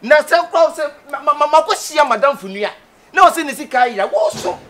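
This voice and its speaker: A man with a Ghanaian accent playing a boastful man who has come into money, talking loudly and bursting into laughing shouts. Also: very high voice, lively intonation, quick pace, heavy background noise. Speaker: comic film character. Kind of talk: Ghanaian comedy film acting.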